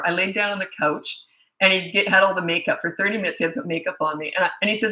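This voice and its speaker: A chatty woman in her sixties with a bright, forceful voice talks casually to her viewers as a parenting coach. She reads their questions aloud and laughs easily, and her voice rings in an echoey room. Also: on the low side, rapid-fire. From Canada. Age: 60s. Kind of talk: casual live Q&A chat.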